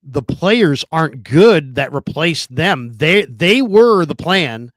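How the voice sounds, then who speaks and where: A man co-hosting a casual sports debate, his voice sitting a little high for a man. He argues by firing questions back and often restarts his sentences. The sound is dry and close, with no room around it. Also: expressive, slow pace, no echo. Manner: argumentative, questioning, many restarts. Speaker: podcast co-host.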